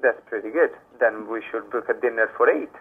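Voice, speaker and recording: A man's voice: mid-range voice, brisk, breathy edge. A man working at a restaurant, taking a booking and patiently repeating his questions. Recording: tinny phone line.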